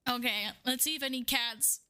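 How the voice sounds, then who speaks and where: A young woman streaming live, chatting excitedly with her viewers, swearing and laughing often. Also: sits high, normal speed, smooth, no room sound, studio quality. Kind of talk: casual live-stream chat.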